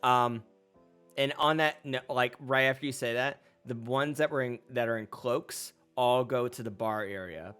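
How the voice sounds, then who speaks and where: A man running a tabletop role-playing session as storyteller, speaking in a smooth, resonant, mid-pitched voice. His narration is loose and chatty, full of ums and restarts as he sets the scene. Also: a bit bright. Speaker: game master.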